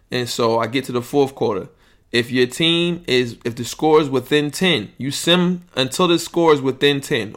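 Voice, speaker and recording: A man's voice: mid-range voice, fairly bright tone. A young man, hosting a podcast in loose, rambling, profane chat. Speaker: podcast host.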